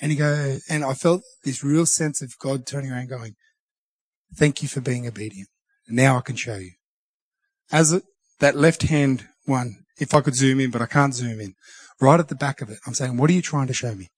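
A man's voice: medium pitch, no room sound. Earnest man, dry close sound. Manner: earnest, halting, with many restarts. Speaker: Christian speaker sharing a devotional. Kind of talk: personal devotional reflection.

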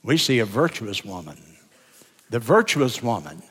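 An older man, a pastor of many years, preaching a sermon in an earnest, deliberate way, drawing out words for emphasis. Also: medium pitch, big pitch swings, a bit bright, breathy edge. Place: church sanctuary. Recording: sermon in a reverberant church sanctuary.

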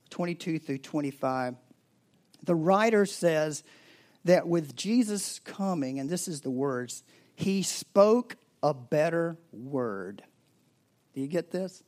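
A man preaching a sermon in a conversational way, rising to loud emphasis and dropping to a near-whisper. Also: fairly high pitch. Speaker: pastor.

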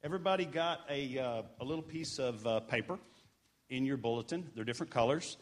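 A man's voice: medium pitch, brisk. A man giving casual church announcements during a service in a sanctuary, earnest and encouraging with chatty asides.

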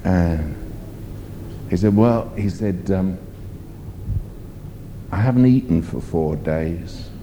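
A man's voice: sits low, expressive, takes it slowly, long pauses, mellow, slight background noise. A man preaching a sermon, emphatic and rambling as he tells stories. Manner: emphatic, rambling storytelling with fillers.

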